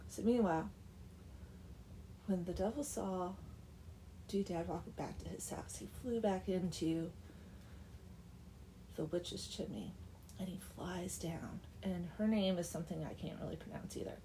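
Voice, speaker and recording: A young woman retells an old folk tale in a chatty, wry way, often dropping into a whisper for asides. Her voice is warm and mellow, with a faint hiss of noise behind. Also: fairly low pitch, a little slow, long pauses. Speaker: storyteller. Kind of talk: casual comic story retelling.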